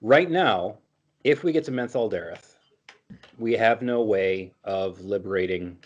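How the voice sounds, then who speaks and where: A man's voice: fairly low pitch, expressive, unhurried, lo-fi sound. A man playing in a tabletop game, chatting casually and hesitantly. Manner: hesitant, restarting. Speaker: player.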